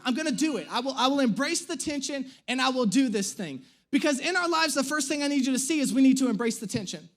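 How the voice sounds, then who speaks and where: A man in his thirties, a pastor, telling a humorous personal story in an animated, self-mocking way during a sermon. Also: very high-pitched. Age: 30s. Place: church stage.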